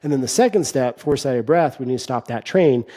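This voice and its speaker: A man of ordinary pitch with a warm, mellow tone, guesting on an interview show. He explains a calming breathing method in a steady, instructive way, often restarting phrases and dropping in fillers. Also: fairly quick.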